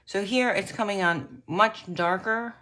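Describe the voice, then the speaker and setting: Slow-talking woman demonstrating crafts. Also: medium pitch, sharp tone. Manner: chatty, addresses viewers as guys, frequent throat clearing. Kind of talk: casual tutorial demonstration.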